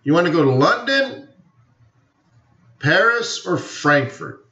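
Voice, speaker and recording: A man hosts a live forex webinar, rambling casually and mixing in opinions, jokes and plenty of fillers. His voice is a little high, bright and forceful, very animated yet unhurried. The roomy, dull lo-fi stream audio suits this casual live-stream commentary.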